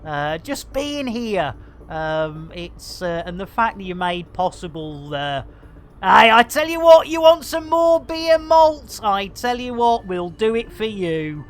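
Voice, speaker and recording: A woman streaming a game live, chatting excitedly and thanking her viewers with frequent exclamations. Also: mid-range voice, takes it slowly. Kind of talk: live gaming stream chat.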